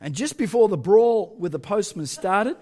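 A man's voice: high voice, animated, normal speed, dark tone. A male pastor, telling a story in a sermon with self-mocking humour and frequent laughter.

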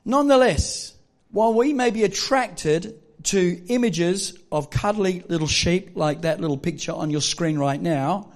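A man preaching a sermon in church, deliberate and emphatic, building force on key phrases, with light humorous asides to the congregation. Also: high-pitched, animated. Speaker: pastor.

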